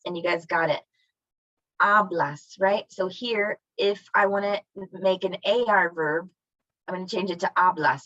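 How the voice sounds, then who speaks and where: A woman's voice: fairly low pitch, fairly bright tone, dry recording. A woman teaching a Spanish class online, asking students questions and praising their answers. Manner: encouraging, asks students questions. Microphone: video call. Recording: dull lo-fi video call audio.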